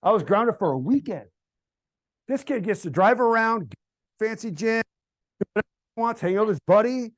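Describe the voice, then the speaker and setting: Middle-aged American man, casual group talk, fairly high voice, dry sound, animated storyteller. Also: moderate pace, pauses often, no room sound. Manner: animated, builds to loud excited outbursts. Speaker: speaker at a church forum. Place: church hall event.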